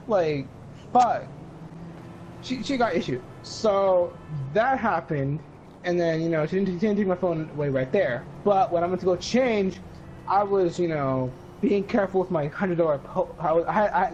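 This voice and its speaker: A man's voice: high voice, moderate pace, darkish tone, slight background noise, rough recording. Rambling, foul-mouthed teenage boy. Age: teens. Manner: rambling, profane, quotes others in raised voices. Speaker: storyteller. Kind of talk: casual chat.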